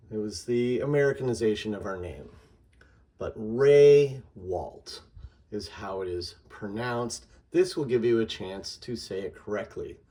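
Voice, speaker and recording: A man patiently explaining a method in an instructional lesson, slowing down to sound out example words. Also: medium pitch, darkish tone. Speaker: teacher.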